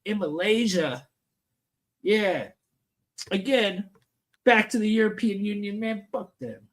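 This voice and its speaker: A man's voice: sits high, slow, a bit bright. A man hosting a live stream panel, reading and ranting about the news in a crude, profane, brash way.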